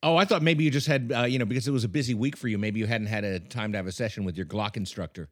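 A man's voice: fairly low pitch, racing, dry recording, studio quality. A man co-hosting a comedy talk show, chatting casually and reading ads with enthusiasm, sometimes tripping over words. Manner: animated, enthusiastic, stumbling on words. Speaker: co-host. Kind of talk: casual chat and host-read ad.

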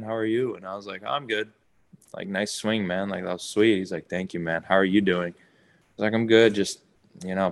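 A young man with a fairly low voice tells stories in a loose, chatty way. He jumps into other people's lines as he recounts them, keeping the pace lively and conversational. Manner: animated, acts out quotes of others. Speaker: baseball player guest. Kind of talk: casual storytelling interview.

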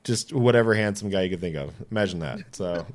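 A man in his late twenties with a fairly low voice tells stories casually on a podcast. He gets animated, slips into the voices of the people he quotes, and swears without a second thought. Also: quick pace, a little hiss or hum. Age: 20s. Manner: animated, acts out quoted dialogue, swears freely. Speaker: podcast guest. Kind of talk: casual storytelling.

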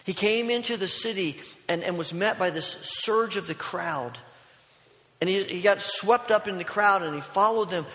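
A man preaching a sermon as a pastor, telling a story that moves between loud, urgent passages and hushed ones. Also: sits high, moderate pace. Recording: long reverb of a large hall.

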